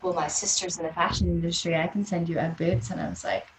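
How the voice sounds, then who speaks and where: A Canadian woman in her thirties, a guest on an interview show, telling personal stories casually with lively quoted voices and frequent laughter. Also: lowish voice, fast talker, heavy background noise. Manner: animated, laughs often, quotes people in voices. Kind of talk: casual storytelling. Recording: roomy echo.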